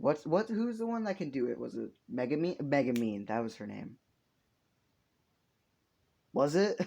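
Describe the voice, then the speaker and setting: Rambling young man with a gravelly voice. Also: mid-range voice, darkish tone, muffled recording. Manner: rambling, swears often, laughs at own jokes. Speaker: storyteller. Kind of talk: casual improvised storytelling.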